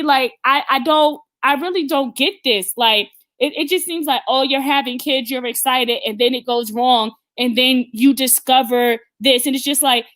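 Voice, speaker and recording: Woman host, fairly high and tense voice, blunt opinion talk, lots of restarts. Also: a bit bright. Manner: emphatic and blunt, with frequent stammered restarts. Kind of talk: opinionated live-stream talk.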